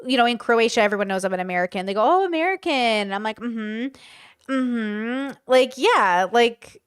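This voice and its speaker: A woman's voice: mid-range voice, fast talker, smooth, no echo, clean studio sound. A woman from California with a Californian accent, co-hosting a casual podcast. She chats freely and peppers her speech with "bro" and "like". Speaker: podcast co-host.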